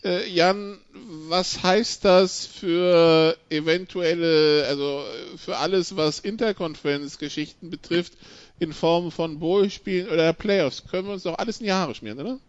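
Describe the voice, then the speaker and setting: A man's voice: a little high, normal speed, clear, resonant tone, no echo. A man hosting a casual sports chat who speaks a little hesitantly, stopping to search for words. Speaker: podcast host. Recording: dull dry lo-fi audio.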